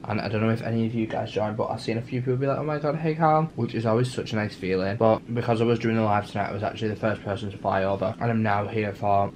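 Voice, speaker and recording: A man's voice: on the low side, flat delivery, fast talker, hardly any pauses, a little mellow, a little hiss or hum. A young man, chatting upbeat to camera in a casual travel vlog on a handheld phone. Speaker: makeup content creator.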